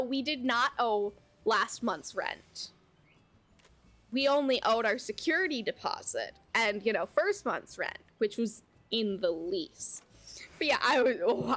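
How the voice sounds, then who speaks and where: A young adult woman streamer telling a casual story at home while she plays, animated and chatty, full of "like" and the odd swear word. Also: fairly high pitch. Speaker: VTuber streamer. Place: home, at her computer.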